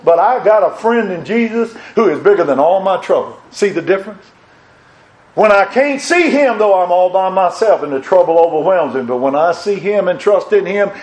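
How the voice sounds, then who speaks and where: A man's voice: fairly high pitch, rough recording. An older man preaching a sermon in a folksy way, asking his congregation questions and rising to emphatic peaks. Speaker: pastor.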